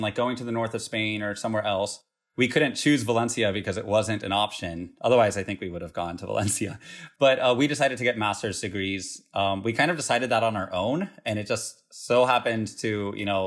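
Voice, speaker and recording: A young man from the United States, a guest recounting his years abroad in a relaxed, rambling way with fillers. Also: on the low side. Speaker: interview guest. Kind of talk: casual conversational interview.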